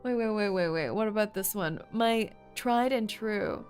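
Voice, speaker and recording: A woman's voice: medium pitch, measured pace, a little mellow, soft background music. A woman streaming a game, chatting in a giggly, playful, teasing way. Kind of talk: game livestream commentary.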